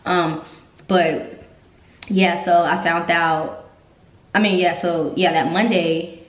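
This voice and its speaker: A woman's voice: fairly low pitch, steady tone, slow, dull audio. Candid woman telling her story, echoey room. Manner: emotional, candid, repeats herself when upset. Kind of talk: casual storytelling vlog.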